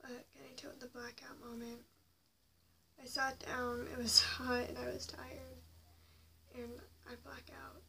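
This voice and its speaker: A woman's voice: sits high, flat delivery, measured pace, gravelly, crowd noise. Young woman whispering a painful story. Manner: confessional, swings between hushed whispers and raised anger. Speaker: vlogger. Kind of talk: personal storytime vlog. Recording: slightly distant mic with faint noise.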